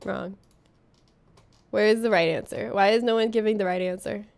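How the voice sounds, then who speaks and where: A woman's voice: mid-range voice, steady tone, normal speed, vocal fry, a little mellow. A woman from Florida, streaming a game and casually chatting with viewers, playful and laughing often as she reads chat aloud. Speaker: livestreamer.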